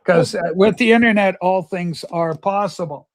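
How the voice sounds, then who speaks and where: A man with a notably high-pitched voice chats on a livestream. He tells stories with eager, rambling enthusiasm, talking straight to his viewers. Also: normal speed, slight background noise. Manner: chatty, enthusiastic storyteller. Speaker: livestream host. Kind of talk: casual chat.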